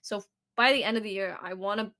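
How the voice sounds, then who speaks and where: A woman's voice: medium pitch, fast talker, sharp tone. A young woman, a singer, guesting on a stream and chatting casually with a rambling flow. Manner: rambling with many fillers and restarts. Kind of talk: casual chat.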